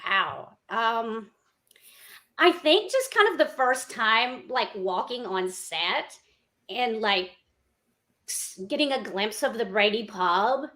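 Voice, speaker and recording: A bubbly woman with a Texas accent, speaking in a bright, higher voice. She chats freely as a guest in an interview and laughs often. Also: animated, takes it slowly. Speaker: guest actress. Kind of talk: casual interview chat.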